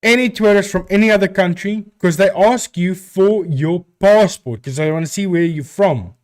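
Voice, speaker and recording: A man's voice: high voice, normal speed. A man from South Africa with a South African accent, a live stream host chatting casually and answering viewers with rambling restarts.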